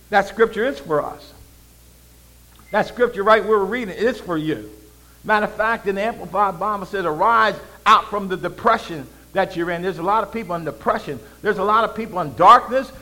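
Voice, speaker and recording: Male pastor, high voice, call-and-response preaching, shifts from loud proclaiming to quiet asides. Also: a little fast, low-quality recording. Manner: swings between loud proclaiming and low conversational asides. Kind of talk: sermon.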